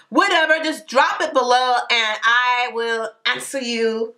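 A woman's voice: on the high side, normal speed, hardly any pauses, pushed and bright. A woman vlogger telling stories to camera in a sassy, slangy, playful way, with emphatic remarks and laughing asides. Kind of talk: casual storytelling to camera.

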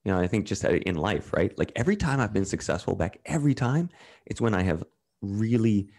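A man's voice: fairly low pitch, big pitch swings, a little fast, a little mellow. A man guest on a talk podcast, telling candid, profane stories and acting out what others said to him. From Canada. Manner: candid, profane, retells quotes in others' voices. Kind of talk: casual storytelling.

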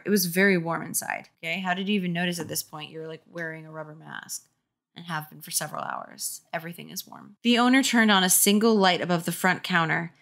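A woman's voice: on the low side, creaky, a bit bright. A woman with a sore throat reading a children's horror book aloud, breaking in with sarcastic, mocking asides. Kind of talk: comedic book reading with commentary.

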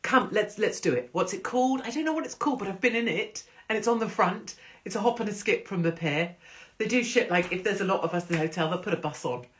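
A woman's voice: medium pitch, animated, quick pace. A woman hosting a casual livestream, chatty and rambling, swearing freely. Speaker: host.

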